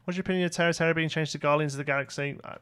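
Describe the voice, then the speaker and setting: A man's voice: a little high, steady tone, rapid-fire, a bit bright, smooth. A young British man livestreaming a building game, rambling to himself and answering chat questions in a casual way. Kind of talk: casual live-stream chat while building.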